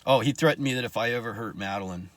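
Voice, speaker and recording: A man's voice: medium pitch, no echo. A man telling his own life story in casual talk, blunt and profane, with angry asides.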